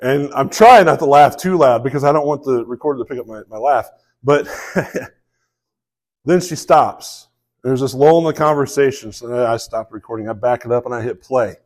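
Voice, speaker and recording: A man with a Southern US accent preaching a sermon to a live congregation, telling a story in a relaxed way with many fillers. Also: mid-range voice, moderate pace. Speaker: pastor.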